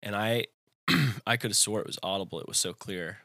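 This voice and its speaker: A man's voice: fairly low pitch, fairly quick, creaky, sharp tone, dry recording, studio quality. A young man in his twenties telling a personal faith story in conversation, rambling with lots of fillers. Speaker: guest.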